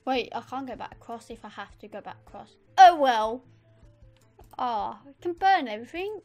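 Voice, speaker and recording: High-voiced excitable woman gamer. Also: normal speed, faint music behind. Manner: chatty, easily excited, talks to viewers. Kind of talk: let's play commentary.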